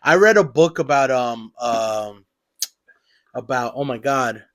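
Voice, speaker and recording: A man's voice: mid-range voice, expressive, slow, a bit bright. A man co-hosting a podcast in casual, swearing chat with a buddy, laughing often. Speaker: podcast co-host.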